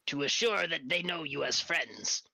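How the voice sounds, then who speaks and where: A man's voice: fairly high pitch, creaky, sharp tone, dry recording, heavily acted, rough recording. A man doing a stiff, formal newt warrior. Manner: formal, halting stilted speech. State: getting over a cold, sore throat. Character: stiff formal male newt patrol leader.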